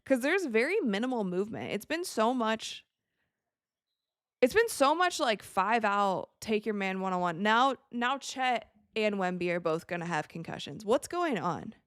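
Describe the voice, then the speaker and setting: A woman's voice: mid-range voice, a little slow, dry recording. Young woman streamer, casual game commentary, chatty, dry close sound. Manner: chatty, animated, reacting to plays. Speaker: livestream host.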